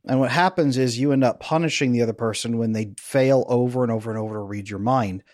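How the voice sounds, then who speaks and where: Playful energetic man coaching on a podcast. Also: medium pitch, fast talker, no room sound, studio quality. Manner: energetic, playful, guides listener through an exercise. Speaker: podcast guest, attachment coach. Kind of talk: conversational interview.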